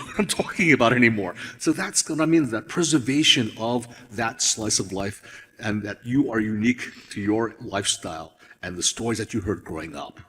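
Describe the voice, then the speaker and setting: A man's voice: mid-range voice, fairly bright tone, breathy edge. A man from Hawaii, a storyteller talking reflectively and rambling a little, with restarts. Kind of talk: storytelling talk on stage. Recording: long hall reverb.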